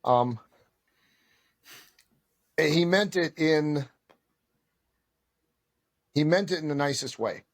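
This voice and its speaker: Self-deprecating man with a fairly high voice. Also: very slow, long pauses. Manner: animated, self-deprecating storyteller. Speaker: podcast guest, karate instructor. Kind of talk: storytelling in casual conversation.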